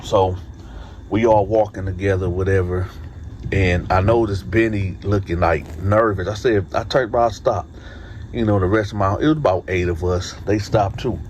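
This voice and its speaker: Male storyteller, fairly low voice, faint background hiss, animated and conversational. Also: moderate pace. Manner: animated, conversational, leans on tag questions. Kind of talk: casual spoken storytelling.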